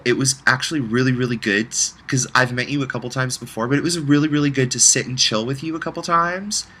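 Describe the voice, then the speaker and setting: A man's voice: medium pitch, pushed and bright, low-quality recording. A man recording a heartfelt, rambling personal video message, close to tears at times.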